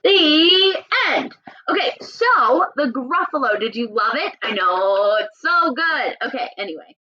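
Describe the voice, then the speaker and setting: A woman teacher talks casually through a lesson, fairly high and lively in pitch. She fills in with little fillers and corrects herself as she goes. The recording sounds dull and lo-fi. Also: normal speed, a little hiss or hum. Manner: chatty with fillers and self-corrections. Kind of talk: casual classroom explanation.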